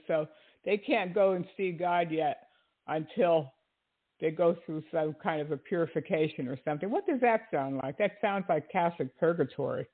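High-voiced male commentator, skeptical and questioning, with a thin phone-line sound. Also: moderate pace. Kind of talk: commentary on a played clip.

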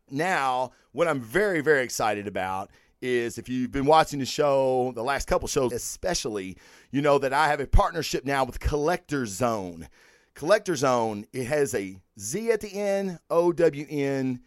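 A man's voice: mid-range voice, expressive, moderate pace, no room sound, studio quality. A man hosting a podcast, talking casually and profanely through sponsor plugs and giveaway news in emphatic bursts. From United States. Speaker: podcast host.

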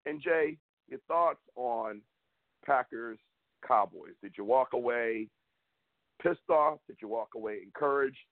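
A man co-hosting a casual sports talk show, animated and emphatic. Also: mid-range voice, measured pace, no echo. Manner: animated, emphatic, rising to loud peaks. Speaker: podcast co-host. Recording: tinny phone-line sound, dry.

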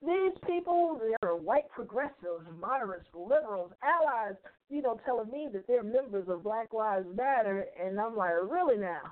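A woman's voice: on the high side, normal speed. Blunt, profane woman from Chicago on a tinny line. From South Side of Chicago. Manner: blunt, profane, animated retelling. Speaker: podcast host. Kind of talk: casual storytelling commentary. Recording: tinny phone-like audio.

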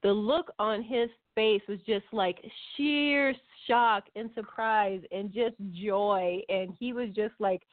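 A woman co-hosting a podcast in casual chat, talkative and quick to laugh. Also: medium pitch, no echo. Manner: chatty, laughs easily. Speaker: podcast co-host. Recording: dry, phone-like line.

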